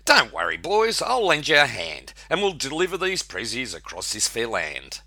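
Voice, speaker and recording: Bloke putting on a high cheeky aussie snake, all matey and chirpy, loud and bouncy. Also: male voice, wildly swooping pitch, normal speed, vocal fry, no echo, exaggerated voice. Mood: cheerful. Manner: chirpy, matey, eager to help. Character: slithering cheeky male Australian black snake.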